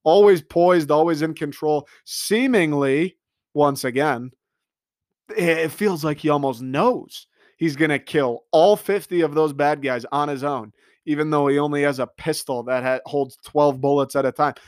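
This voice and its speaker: A man delivering an excitable, profane comedic rant monologue, riffing with mock quotes. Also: fairly high pitch, normal speed, no echo, studio quality. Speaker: comedic commentator.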